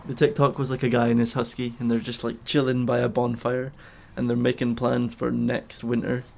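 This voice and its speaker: A man talking casually and emotionally in a vlog, soft and halting, close to tears. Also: medium pitch, monotone, creaky, slight background noise. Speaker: vlogger feeding a wild bird. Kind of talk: casual heartfelt vlog talk.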